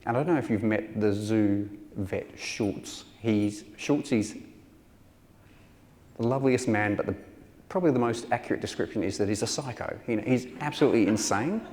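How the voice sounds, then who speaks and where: A man's voice: fairly low pitch, moderate pace, a little mellow. Man telling a wry story in a hall. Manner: wry, self-deprecating, acts out quoted voices. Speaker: taxidermist giving a public talk. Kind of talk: anecdotal storytelling talk. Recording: hall reverb with faint ambience.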